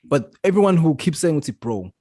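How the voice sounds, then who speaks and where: A man's voice: mid-range voice, animated, a little fast, darkish tone, slightly rough, no room sound, studio quality. A man co-hosting a casual podcast, laying out his points in a laid-back, explanatory way. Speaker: podcast co-host. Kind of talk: casual chat.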